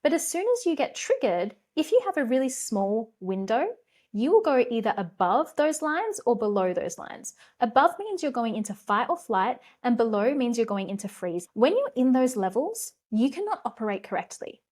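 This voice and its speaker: A woman talks alone on her own podcast, earnest and emphatic, a motivational coach who swears without fuss. Her voice sits a little high for a woman. She presses her points with strong conviction. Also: sing-song, moderate pace, a little mellow. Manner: candid, swears casually. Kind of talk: motivational solo podcast talk.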